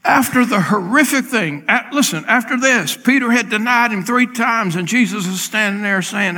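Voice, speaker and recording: Impassioned preaching man, higher voice. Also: moderate pace, few pauses, long reverb tail. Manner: impassioned preaching, rising to loud peaks and dropping to hushed tones. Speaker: pastor. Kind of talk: sermon. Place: church sanctuary.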